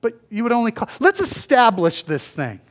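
A male pastor giving a conversational sermon, acting out the people in the story in quick voices. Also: very high voice, huge pitch swings, fairly bright tone. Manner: conversational, acts out biblical dialogue in voices.

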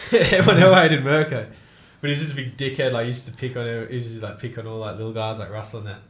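A man's voice: medium pitch, fast talker, a bit bright, echoey room, a little hiss or hum. A young man telling stories in casual chat, laughing and swearing often. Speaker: co-host.

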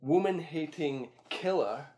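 A man co-hosting a podcast in loose, profane casual chat, now and then bursting into loud excitement. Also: fairly high pitch, takes it slowly. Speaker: podcast co-host.

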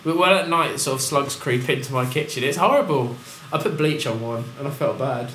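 A man's voice: mid-range voice, a little fast, a bit bright, recorded from a distance. A young man co-hosting a casual comedic chat, rambling and jokey, laughing often. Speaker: podcast co-host. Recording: echoey room with faint hiss.

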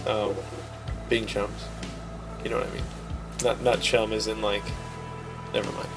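A man co-hosting a podcast, telling a story in casual chat with an animated, self-deprecating manner. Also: lowish voice, measured pace, over music. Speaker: podcast co-host.

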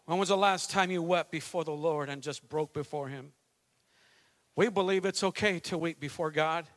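A middle-aged pastor preaching a fervent sermon, mixing calls to worship with a conversational family story. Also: male voice, on the high side, normal speed, fairly bright tone. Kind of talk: Pentecostal sermon.

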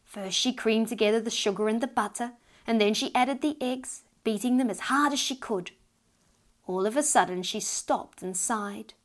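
A woman reading her own storybook aloud with gentle, expressive storytelling. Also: on the high side, moderate pace. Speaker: author and narrator.

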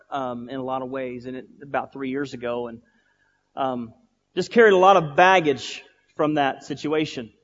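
A male pastor preaching a sermon, telling stories and building from quiet, slow lines to loud, emphatic ones. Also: medium pitch, long reverb tail, muffled recording. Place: church sanctuary.

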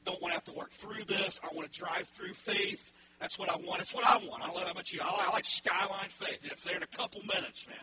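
A male pastor preaching an animated sermon, acting out the people in the story. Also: high voice, fairly quick, few pauses, background noise. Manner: animated, acts out voices in the story.

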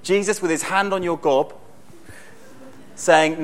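A man preaching a sermon in a conversational, storytelling way with bursts of excitement. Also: high voice, slow pace, long pauses.

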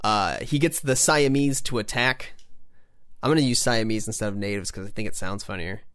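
A man's voice: lowish voice, moderate pace, a bit bright, clear, resonant tone, no echo, clean studio sound. A man hosting a podcast, chatting casually and animatedly, with lots of restarts and playful little voices. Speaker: podcast host. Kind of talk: casual chat.

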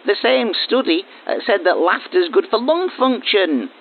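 A man's voice: sits high, animated, normal speed, voice pushed up. A man playing a cheery phone caller. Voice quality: jokey, cheerfully unbothered. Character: cheery male laughter-group organiser on phone. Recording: tinny phone line.

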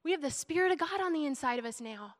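This young woman preaches quickly and animatedly in a high-sitting voice, keeping it chatty and emotional with frequent laughter. A long hall reverb colors the sound.

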